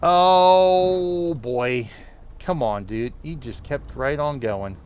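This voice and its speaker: A medium-pitched, smooth voice belongs to this Northeastern American streamer, who talks unhurriedly with viewers as he plays. His commentary rambles and is punctuated by frequent laughter.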